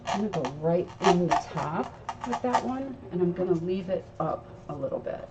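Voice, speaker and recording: Working at her craft table during a live tutorial, this host chats with viewers and explains as she goes. She speaks at a normal speed in an animated voice on the low side, captured from a distance with dull, slightly noisy sound.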